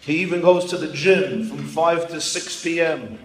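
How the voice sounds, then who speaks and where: A chatty sixty-year-old man, proud and matter-of-fact, his voice lifted a little higher, as a man puts him on. The sound rings in a reverberant hall, with faint room ambience behind it. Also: measured pace, a little hiss or hum, close to an everyday voice. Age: 60s.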